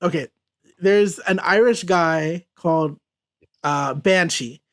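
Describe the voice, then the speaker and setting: A man hosting a casual podcast, walking through a comic page by page and reading lines aloud in loose paraphrase. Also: on the high side. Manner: reads character lines aloud in quick, loose paraphrase, laughs often. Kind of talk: casual comic review chat.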